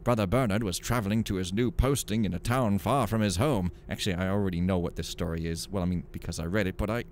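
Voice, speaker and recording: A gaming channel host runs a let's play, joking and chatting casually, then reads in-game stories aloud in a dramatic storytelling voice. He speaks low and quick with a darkish tone, and there's a little hiss or hum in the audio.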